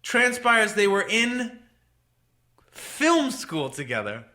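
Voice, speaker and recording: Excitable high-voiced comedic storyteller man. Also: slow pace. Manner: animated, incredulous, profane. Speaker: podcast co-host.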